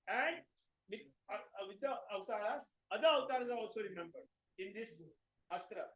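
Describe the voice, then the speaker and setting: A man's voice: high-pitched, lively intonation, brisk, low-quality recording. A man teaching a scripture class, prompting the reader with short questions and repeating key words back.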